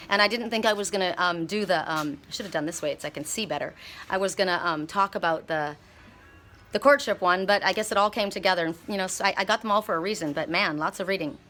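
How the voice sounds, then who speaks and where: Animated woman giving a card reading. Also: on the low side, fast, faint music behind. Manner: animated storytelling, frequent restarts. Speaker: oracle card reader. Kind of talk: casual spiritual card reading. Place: outdoors by water, California.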